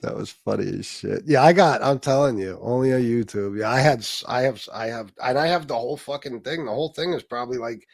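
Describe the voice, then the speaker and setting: A man's voice: mid-range voice, fast talker, gravelly, hardly any pauses. A man hosting a casual livestream, telling a story crudely and mocking someone with frequent laughter. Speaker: livestream host.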